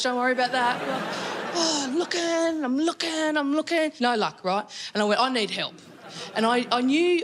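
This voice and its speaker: A woman's voice: medium pitch, fairly bright tone, slight background noise. A woman with an Australian accent telling a stand-up story in a chatty, wry way, acting out the people she quotes. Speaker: stand-up comedian. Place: comedy venue before a laughing audience.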